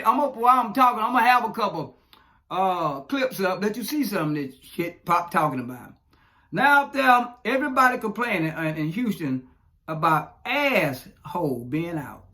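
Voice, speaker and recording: A man's voice: high-pitched, sharp tone. A man, ranting profanely in casual commentary, chuckling and rambling as he goes. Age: 40s. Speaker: social media commentator.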